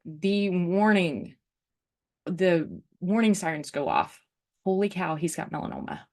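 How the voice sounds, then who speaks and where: A woman host telling a personal story in a casual, chatty way, full of "like" and "um", and openly emotional. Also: sits low. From United States. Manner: chatty, lots of fillers like "like" and "um", emotional.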